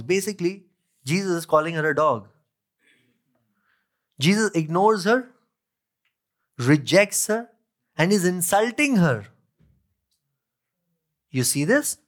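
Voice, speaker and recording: Speaking slowly with long pauses, this male pastor reads scripture, repeats key phrases, and questions his listeners throughout the sermon. His high-pitched voice is animated.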